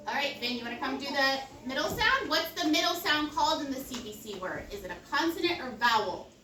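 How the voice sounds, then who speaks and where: A woman's voice: high voice, animated, a little fast, bright, forceful tone. A woman teacher leading a phonics lesson for a young class, prompting in a sing-song way and praising often. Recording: echoey classroom, mic far off, noisy.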